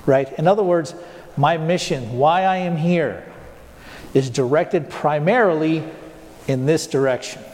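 A male pastor preaching a sermon, putting rhetorical questions to the congregation and slowing down to stress key points. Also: a little high, a little mellow, big-room sound. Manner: asks the congregation rhetorical questions, slows down for emphasis.

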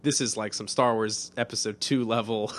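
A man's voice: lowish voice, steady tone, moderate pace. A man co-hosting a podcast, chatting casually and rambling with lots of fillers while recapping a TV episode. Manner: rambling, many "like" fillers, swears freely. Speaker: podcast co-host.

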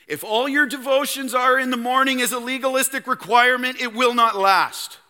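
A male pastor with a Canadian accent preaching a sermon in a church, emphatic and swinging from loud to hushed. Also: very high voice, fairly even intonation, normal speed, long reverb tail. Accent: Canadian English. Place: church sanctuary.

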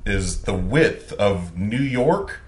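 A man's voice: lowish voice, animated, slow. A man chatting casually on a podcast and making dry joking asides. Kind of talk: casual group chat. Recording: faint background noise.

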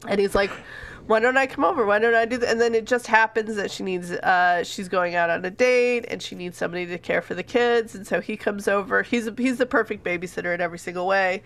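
A woman's voice: mid-range voice, brisk, hardly any pauses. A woman co-hosting a book podcast, summarizing the plot casually with laughs and some swearing. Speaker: podcast co-host.

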